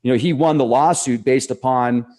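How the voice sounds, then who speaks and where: A man co-hosting a casual talk show, excitable and sarcastic as he talks. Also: mid-range voice, normal speed. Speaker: co-host.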